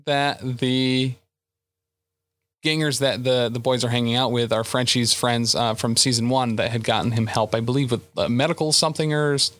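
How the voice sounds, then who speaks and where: A man's voice: medium pitch, steady tone, moderate pace, fairly bright tone, dry recording. A man co-hosting a podcast, casually recapping an episode in a loose, rambling way. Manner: loose recap, many ums and uhs. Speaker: podcast co-host.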